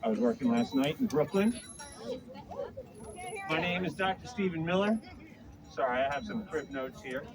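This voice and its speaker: A man's voice: a little high, expressive, moderate pace, pauses often, crowd noise. A male doctor, tired after a night shift, speaking at a rally in a friendly, informal way. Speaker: doctor and union representative. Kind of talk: rally speech. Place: outdoor street rally. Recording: noisy outdoor street.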